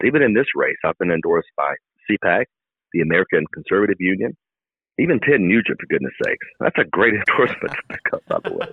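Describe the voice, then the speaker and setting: Deep husky man on a phone line. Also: no room sound. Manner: fervent, emphatic, repetitive speechmaking. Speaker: political candidate guest. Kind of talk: campaign interview. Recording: dry tinny phone line.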